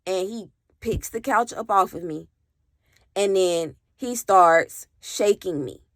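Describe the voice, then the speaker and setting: A woman vlogger with a mid-range voice takes her time telling a personal story in a casual storytime monologue. She's emphatic, swears freely and speaks straight to her viewers, and the clean studio sound has no room echo.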